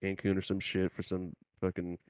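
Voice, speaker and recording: Brief: man, low voice, crude rambling storyteller, dry close mic. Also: completely flat delivery, moderate pace, a little mellow, smooth, no echo. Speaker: podcast co-host. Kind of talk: casual chat.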